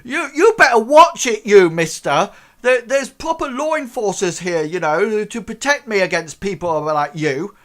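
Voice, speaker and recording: A man voicing a boastful, sneering male gamer who taunts loudly. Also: animated, moderate pace, few pauses. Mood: indignant. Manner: taunting, shrill and loud.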